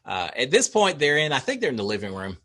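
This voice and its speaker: A man's voice: medium pitch, huge pitch swings, quick pace, a bit bright. A man with a Texas accent giving a casual recap of overnight reality show feeds, chatty with wry asides and frequent filler words. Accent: Texan.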